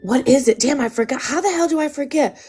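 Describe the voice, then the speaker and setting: A woman's voice: high voice, quick pace, darkish tone. A woman hosting a casual livestream, blunt and sweary, scolding her chat and joking around. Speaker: livestream host.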